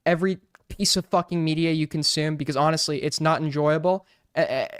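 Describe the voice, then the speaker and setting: A young male streamer with a high, smooth, clean-sounding voice talks through a livestream in a loose, rambling way. He swears freely and keeps cutting himself off mid-thought to start again. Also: fairly even intonation, fairly quick, a bit bright. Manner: profane, rambling, restarts mid-sentence. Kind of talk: casual livestream commentary.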